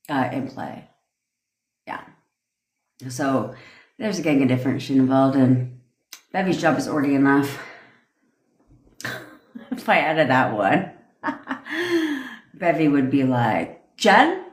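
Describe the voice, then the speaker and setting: A North American woman who coaches manifestation chats loosely on a livestream, rambling between points while swearing and laughing often. Her voice is extremely low in pitch, and the sound is reverberant.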